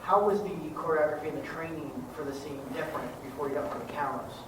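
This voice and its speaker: A man in the audience asking an eager, rushed question at a convention panel. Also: fairly high pitch. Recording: echoey hall, distant mic, background noise.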